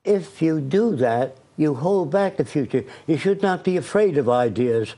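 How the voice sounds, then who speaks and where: A man's voice: on the high side, animated, measured pace, warm tone. An older man speaking as a studio interview guest. He talks emphatically and rambles through long stories, pushing his ideas hard. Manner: puts on a foreign accent when quoting.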